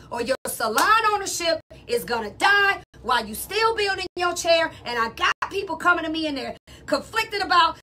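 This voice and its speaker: A woman's voice: very high voice, pushed and bright. A woman, speaking as a salon business coach in a casual, emphatic talk that repeats itself and calls listeners y'all.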